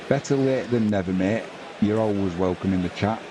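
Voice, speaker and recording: A man's voice: fairly low pitch, steady tone, a little fast, background noise. A man hosting a live football watch-along, commentating and chatting casually with viewers. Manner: chatty, talks to viewers and reads out chat messages.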